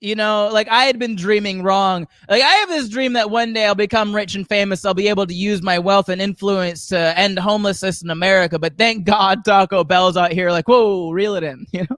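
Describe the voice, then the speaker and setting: A man's voice: high-pitched, steady tone, brisk, few pauses, a bit bright, no room sound. A man from the Southern US doing a rambling stand-up comedy set, chuckling at his own jokes. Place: comedy show studio.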